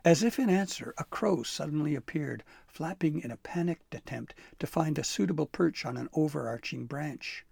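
A man narrating a storybook with an expressive, dramatic read-aloud manner. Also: on the high side, moderate pace, gravelly, hardly any pauses, husky, dry recording, studio quality.

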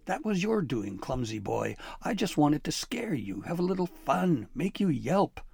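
A man's voice: on the high side, sing-song, unhurried, gravelly, darkish tone, breathy edge, no echo, clean studio sound, pitched above the performer's own voice, full character voice. A man voicing a small, frightened male elf who frets, scolds and pleads in a fussy, hissing way. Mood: frantic pleading.

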